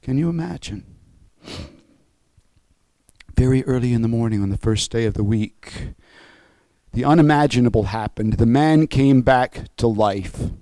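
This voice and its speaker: A man's voice: mid-range voice, normal speed, dark tone, no room sound, low-quality recording. Emotional, fervent male preacher. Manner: emotional and fervent, voice rising and falling. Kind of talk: sermon.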